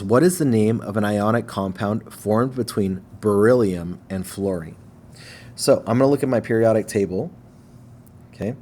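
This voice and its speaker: A man with a somewhat low voice walks through a recorded lesson at an easy pace. He checks in with listeners again and again and slows down to stress syllables when it matters. A faint hiss of room ambience sits under the voice. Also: darkish tone. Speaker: teacher.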